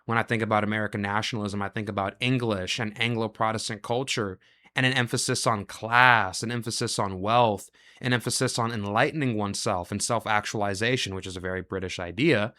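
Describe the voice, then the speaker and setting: A male show host delivering a reaction monologue, asking rapid rhetorical questions and running through long lists of ideas. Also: on the low side, steady tone, bright, forceful tone.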